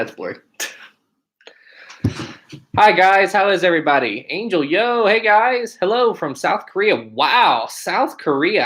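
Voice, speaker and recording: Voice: mid-range voice, a bit bright. An upbeat American livestream host chatting casually and greeting viewers one by one while reading comments aloud on a home setup. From United States.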